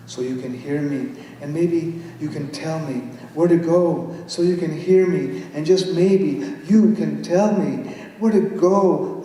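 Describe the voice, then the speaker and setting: A man's voice: on the high side, mellow, a little hiss or hum. A man poet giving a playful live reading that switches between English and Spanish. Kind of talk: live poetry reading with banter. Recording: echoey hall from far off.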